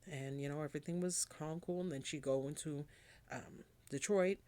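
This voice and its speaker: A woman's voice: low-pitched, steady tone, normal speed, mellow. A woman, hosting a podcast as a casual, rambling monologue, blunt and chatty with casual swearing. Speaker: podcast host.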